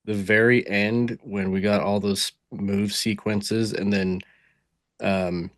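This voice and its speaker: A man's voice: on the low side, flat delivery, slow, no room sound, clean studio sound. A man co-hosting a wrestling review podcast, talking with casual enthusiasm and some swearing. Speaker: podcast co-host.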